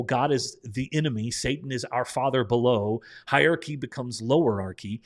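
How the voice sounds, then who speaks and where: Upbeat Midwestern man teaching a Bible class. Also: mid-range voice. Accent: Midwestern American. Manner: chatty, upbeat, frequent ums and uhs. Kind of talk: live-streamed Bible study lesson.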